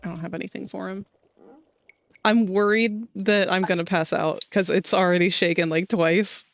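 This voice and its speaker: A woman's voice: mid-range voice, fairly even intonation, normal speed, vocal fry, dry recording. A woman streamer chatting casually while playing a game, in a laughing, chatty manner. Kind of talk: casual gameplay chat.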